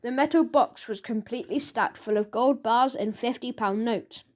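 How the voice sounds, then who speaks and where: High-voiced woman narrating a children's audiobook. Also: moderate pace. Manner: lively, expressive storytelling.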